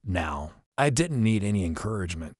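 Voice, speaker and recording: A man reading an adventure novel aloud as an audiobook narrator, telling the action briskly in the first person. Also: lowish voice, lively intonation, a little mellow, dry recording, studio quality. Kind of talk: scripted storybook narration.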